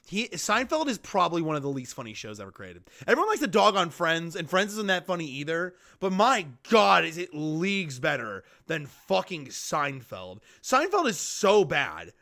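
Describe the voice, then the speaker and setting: Excitable young man reacting loudly. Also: a little high, moderate pace, hardly any pauses. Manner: excitable, swearing, breaking into loud outbursts. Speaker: streamer reacting to a video. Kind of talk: casual reaction commentary.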